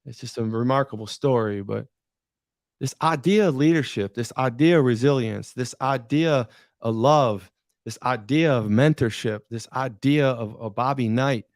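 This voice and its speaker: A middle-aged man from Michigan, a podcast guest, telling a story with passion, repeating words for emphasis and pausing for drama. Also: mid-range voice, no echo, clean studio sound. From Michigan, USA. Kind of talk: emotional storytelling in conversation.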